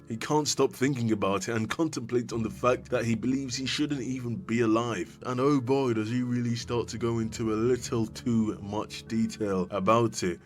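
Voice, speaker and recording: A man narrating a scripted video essay, recapping scenes in a playful way with jokey asides and mock scolding. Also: mid-range voice.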